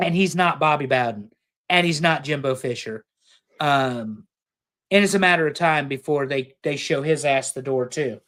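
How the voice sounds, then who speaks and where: A man's voice: medium pitch, normal speed, fairly bright tone. A man co-hosting a casual sports talk stream, opinionated and joking, cursing casually. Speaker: podcast co-host.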